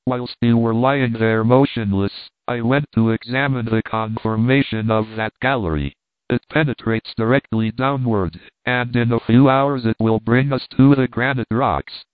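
A stubborn older professor with a firm, commanding delivery, as an audiobook reader puts him on. The sound is dry and narrow, like it is coming down a phone line. His voice sits at an ordinary middle pitch for a man. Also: fairly even intonation, unhurried, dry recording, lightly acted. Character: stern, obstinate older male professor. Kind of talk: audiobook reading.

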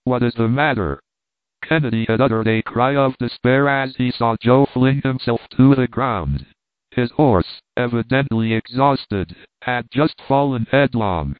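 A man's voice: mid-range voice, a little slow, dry recording. Man reading an audiobook over a phone-like line. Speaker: narrator. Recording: tinny phone-like dry sound.

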